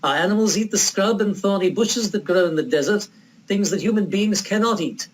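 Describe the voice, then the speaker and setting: A man's voice: high-pitched, a little fast, slight background noise, voice pushed up, lightly acted, poor audio. A man voicing a proud elder Bedouin man with a put-on Arabic accent, earnestly reasoning with a guest. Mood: lecturing. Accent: put-on Arabic accent, old film style.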